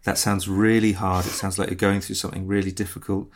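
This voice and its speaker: A man's voice: low voice, flat delivery, fast talker, close to an everyday voice. A man playing an awkward former office temp in an improvised comedy sketch, hesitant and stammering but soothing. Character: awkward adult male former office temp, gentle and unsure. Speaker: podcast guest.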